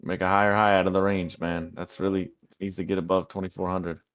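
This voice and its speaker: A man hosting a live trading stream, talking through charts with excited, cussing commentary. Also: low-pitched, brisk, clean tone, lo-fi sound. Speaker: livestream host trading. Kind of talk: casual livestream chat.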